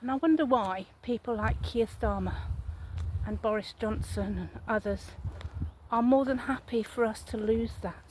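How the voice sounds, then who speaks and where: Lady rambling on her vlog, bit high voice, faint noise behind. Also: moderate pace, darkish tone, low-quality recording. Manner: chatty and rambling, asks viewers questions. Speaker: vlogger. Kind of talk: casual monologue to viewers.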